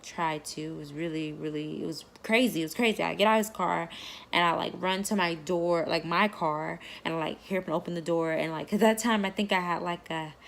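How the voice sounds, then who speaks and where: A woman's voice: lowish voice, a little fast, vocal fry, a little hiss or hum. A woman vlogger telling a personal story in a casual, rambling way, full of fillers.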